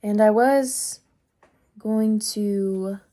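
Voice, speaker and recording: A woman's voice: mid-range voice, very slow, mellow. A young woman vlogging casually to camera about her art and market finds, chatty and giggly. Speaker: vlogger and artist. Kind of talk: casual vlog talk to camera. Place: car.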